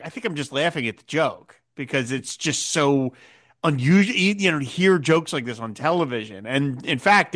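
A man hosting a podcast discussion, animated, laughing often and acting out quoted lines. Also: a little high. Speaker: podcast host.

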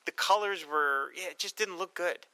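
Bright-voiced man, stammering in casual chat. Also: sits high, moderate pace, dry recording, low-quality recording. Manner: relaxed, stammers and restarts, laughs at his own jokes. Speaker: podcast co-host.

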